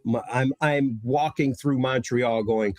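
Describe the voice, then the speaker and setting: A man's voice: medium pitch, fairly even intonation, slow pace, a little mellow, no echo. A man from Connecticut, chatting casually on a podcast and telling stories with lots of fillers and restarts. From Connecticut, USA. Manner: rambling, storytelling with many fillers. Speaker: guest presenter.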